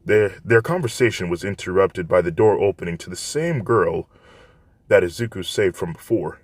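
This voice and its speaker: A man narrating a fan story in a plain, steady reading voice. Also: low voice, normal speed, no room sound.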